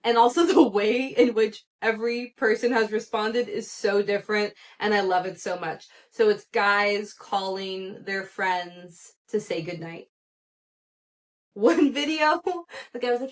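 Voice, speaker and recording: A woman hosting a casual solo gossip podcast, chatty and animated, laughing often and acting out the people she quotes. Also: fairly high pitch, unhurried. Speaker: podcast host.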